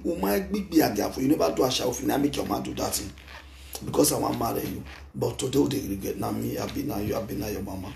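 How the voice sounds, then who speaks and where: A middle-aged Nigerian man with a Nigerian accent, giving an emphatic, animated spoken testimony into a handheld microphone, mixing English and Pidgin. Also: medium pitch, vocal fry, roomy sound. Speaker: speaker giving a testimony at a gathering.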